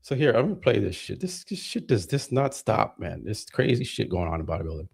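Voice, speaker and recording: A man's voice: fairly low pitch, big pitch swings, a little fast, vocal fry, a little mellow, slightly rough. A man hosting a livestream, ranting heatedly with lots of swearing and repeated words. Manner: heated, profane, repeats himself. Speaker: livestream host. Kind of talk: casual ranting commentary.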